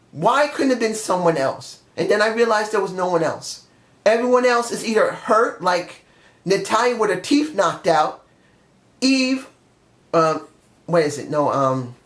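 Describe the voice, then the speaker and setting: A man's voice: high-pitched, fairly bright tone. A man giving a blunt, rambling wrestling review in a casual vlog, swearing now and then. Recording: roomy echo.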